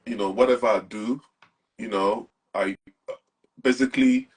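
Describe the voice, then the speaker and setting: A man's voice: fairly low pitch, steady tone, unhurried, a little hiss or hum. A young man with a Nigerian accent, talking animatedly as an interview guest and mixing Pidgin with English. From Nigeria, Anambra. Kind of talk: casual interview talk.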